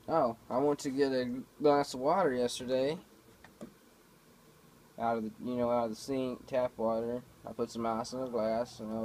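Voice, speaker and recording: A man's voice: mid-range voice, a little mellow, a little hiss or hum, rough recording. A man talking casually to a camera at home, telling rambling everyday stories with lots of fillers and swearing. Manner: laid-back, profane, storytelling with many fillers. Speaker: vlogger. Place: home, indoors.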